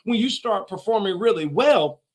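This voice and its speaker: A man's voice: sits high, lively intonation, moderate pace. A man giving a motivational talk, emphatic and repeating his key phrases. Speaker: motivational speaker.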